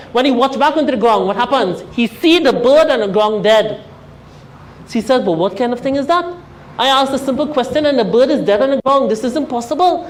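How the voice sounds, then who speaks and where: A man's voice: high-pitched, a little hiss or hum, low-quality recording. A man with a Trinidadian accent speaking at a funeral service, telling a parable and often addressing his listeners as his dear friends. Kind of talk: storytelling sermon at a Hindu funeral.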